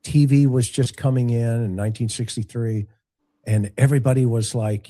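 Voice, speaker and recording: A man giving opinionated commentary on a livestream, deliberate, with rhetorical questions. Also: mid-range voice, mellow.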